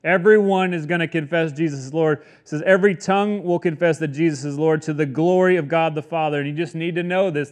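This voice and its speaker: A man's voice: fairly high pitch, fast, few pauses. A young adult man preaching a sermon as pastor, in a casual, conversational way with many asides.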